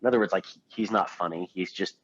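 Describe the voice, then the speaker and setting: A man's voice: deep voice, quick pace, fairly bright tone, no room sound. A man co-hosting a podcast, talking through a film in a loose, meandering way with lots of fillers. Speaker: podcast co-host. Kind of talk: casual film discussion. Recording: dull, lo-fi podcast audio.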